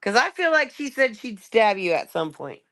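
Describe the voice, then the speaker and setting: A woman with a gravelly edge who runs a late-night stream panel. Her pitch swings widely as she laughs and swears through the talk. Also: sing-song, moderate pace, fairly bright tone. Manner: laughs often, swears freely. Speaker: stream host. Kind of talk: casual profane chat.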